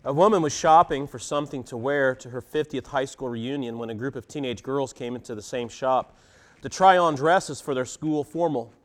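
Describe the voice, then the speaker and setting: A man's voice: mid-range voice, normal speed. A male pastor giving a conversational sermon to his congregation, asking them reflective questions. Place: church service before a congregation.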